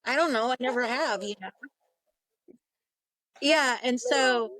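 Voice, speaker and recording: A woman's voice: on the high side, a little slow, a bit bright, dry recording. A woman, a psychic medium guest, telling a story in an interview, acting out the voices she quotes and laughing often.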